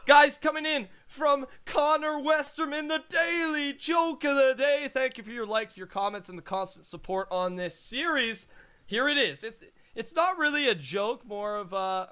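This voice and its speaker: A young man talks through a gameplay session in an excitable, rambling, jokey way. His voice sits high and sounds bright and edgy. Every word comes through smooth and clean. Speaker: gaming channel host. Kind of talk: casual gameplay commentary.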